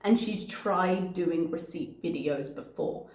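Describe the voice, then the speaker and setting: A woman's voice: fairly low pitch, slow pace, a little mellow. A woman hosting a reaction channel, giving blunt, sarcastic commentary and swearing freely as she reacts to messages. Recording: echoey room.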